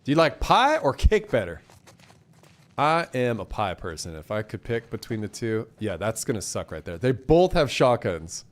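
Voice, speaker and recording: A man's voice: medium pitch, sing-song, moderate pace. A man streaming a game live, chatting casually and cheerfully thanking donors, a bit congested. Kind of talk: casual live gameplay commentary.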